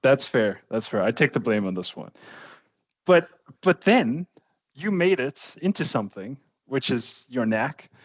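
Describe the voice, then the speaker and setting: A man's voice: mid-range voice, big pitch swings, measured pace. Easygoing, laughing man co-host. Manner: easygoing, laughing, self-deprecating. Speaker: podcast co-host. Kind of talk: casual podcast chat.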